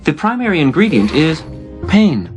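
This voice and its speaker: A deadpan robot medic speaks in a flat, clinical monotone, played by a man. The voice sits a little higher than usual and moves around in pitch. A bed of music plays loudly behind it. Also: normal speed. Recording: background music under the voice.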